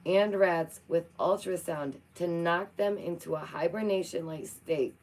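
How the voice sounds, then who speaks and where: Chatty young woman with a low voice. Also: a little slow, a little mellow, poor audio. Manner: playful, chatty, talks to her cat between reading. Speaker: vlogger. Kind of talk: casual chat reacting to news.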